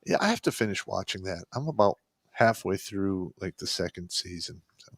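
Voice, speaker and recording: Co-host, male, very deep voice, laid-back, dry close sound. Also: animated, moderate pace, breathy edge, dry recording. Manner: laid-back, short agreeing replies. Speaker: live stream co-host. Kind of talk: casual live stream chat.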